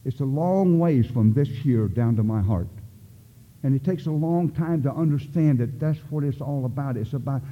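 A man's voice: medium pitch, expressive, normal speed. An older man speaking at a recovery meeting, telling his story in a folksy, plain-spoken way. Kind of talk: personal testimony talk. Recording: tinny phone-like sound in an echoey hall.

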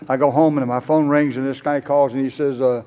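A man's voice: medium pitch, level tone, fairly quick, dark tone. An older man speaking at a conference, telling a rambling, folksy personal testimony full of "uh"s and acted-out conversations. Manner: rambling, folksy, many "uh"s, acts out both sides of conversations. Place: conference hall.

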